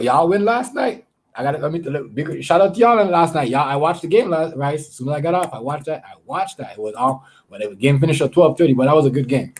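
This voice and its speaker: A man's voice: on the high side, a little mellow, slight background noise. A man chatting casually on a livestream, rambling and swearing, often repeating words as he talks to his viewers. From Canada. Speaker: live streamer.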